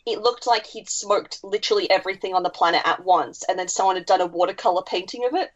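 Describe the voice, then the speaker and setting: A woman's voice: medium pitch, quick pace, slight background noise. A woman co-hosting a podcast, giving wry, opinionated takes and swearing freely. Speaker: podcast co-host. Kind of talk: casual chat. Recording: dull lo-fi podcast audio.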